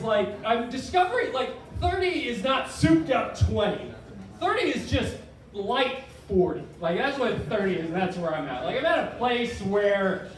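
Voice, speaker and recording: Rambling thirty-year-old male comic. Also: high-pitched. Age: 30s. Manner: rambling, self-deprecating. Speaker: stand-up comedian. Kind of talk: live stand-up set. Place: live comedy venue. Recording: echoey room from far off, crowd noise.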